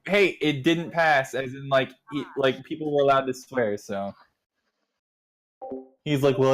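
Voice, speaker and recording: A young man leads his online group through its history in a relaxed, rambling way. He keeps slipping into quick impressions of what everyone said, and his voice sits at an ordinary middle pitch. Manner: rambling, acts out quoted exchanges. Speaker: nation leader recounting community history. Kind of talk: casual storytelling to an online community.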